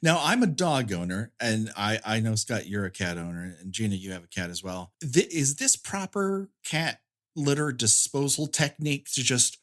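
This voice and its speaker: A man's voice: medium pitch, animated, normal speed, a bit bright. A man co-hosting a film podcast, wry and jokey, with stumbling restarts. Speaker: podcast co-host. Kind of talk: casual podcast chat.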